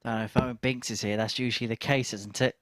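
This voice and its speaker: A man's voice: mid-range voice, level tone, quick pace, a bit bright, slight background noise. A man co-commentating on darts with wry, teasing remarks. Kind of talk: live sports commentary with banter.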